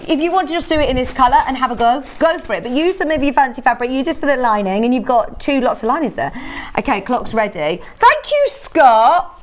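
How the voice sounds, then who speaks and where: High-voiced woman presenting a shopping channel. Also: big pitch swings, a little fast. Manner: upbeat, chatty, reads out viewer messages. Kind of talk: live TV shopping sales chat.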